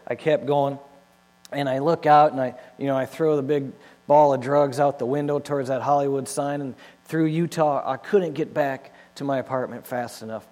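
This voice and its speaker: A man giving a personal testimony, slightly higher-pitched than most men. He tells it with animated storytelling and acts out what he once said. His voice rings in a long hall reverb over a low mains hum. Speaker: speaker telling his life story.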